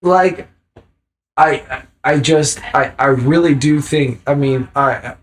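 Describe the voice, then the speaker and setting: A man with a somewhat high voice talks slowly and emphatically, rambling through his points with casual swearing. He sounds tipsy from drinking, a guest in a loose, unscripted chat. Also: low-quality recording. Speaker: podcast guest.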